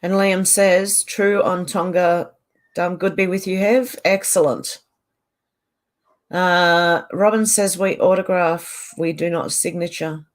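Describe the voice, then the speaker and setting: Aussie lady doing a chill livestream, reads comments out loud, lowish voice, chatty. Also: steady tone. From Australia. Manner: chatty, answers comments aloud with quick agreement. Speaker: host reading viewer comments. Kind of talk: casual livestream chat.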